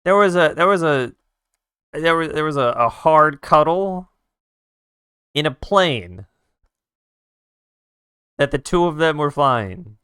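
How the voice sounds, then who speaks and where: Male streamer, casual and profane storyteller, smooth voice, dry close mic. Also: a little high, takes it slowly, long pauses, no room sound. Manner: animated, profane retelling with sound effects.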